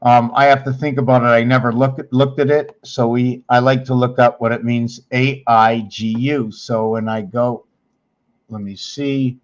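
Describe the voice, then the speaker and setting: A man hosting his own channel, talking viewers through his screen slowly as he searches for things, rambling and correcting himself along the way. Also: medium pitch, level tone, lo-fi sound. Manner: slow, rambling, searching aloud with many pauses and self-corrections. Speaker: channel host teaching on screen. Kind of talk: thinking-aloud screen walkthrough.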